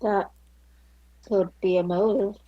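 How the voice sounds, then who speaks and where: A woman's voice: mid-range voice, fairly even intonation, takes it slowly, no echo, dull audio. A woman playing a tabletop game, speaking in a hesitant, wry way. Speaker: player. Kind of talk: tabletop role-play.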